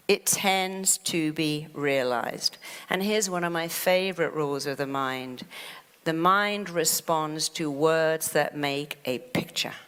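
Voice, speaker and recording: A woman with a fairly low voice gives a motivational talk from a stage. She brings her points to life by acting out anxious inner chatter, and her voice rings with a long hall reverb. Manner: animated, acts out quoted worries in a fast fretful voice. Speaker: therapist and speaker.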